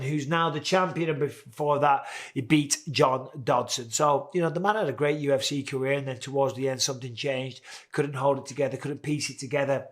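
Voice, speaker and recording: A man's voice: a little high, a bit bright. Chatty man doing casual fight commentary. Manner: chatty, candid, swears casually. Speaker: host.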